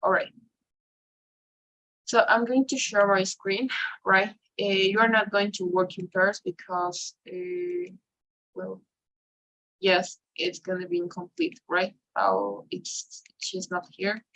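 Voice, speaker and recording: A woman's voice: mid-range voice, steady tone, slow pace, a bit bright, rough recording. A woman teaching an English class over a video call, explaining step by step with many fillers and tag questions. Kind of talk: online class instruction.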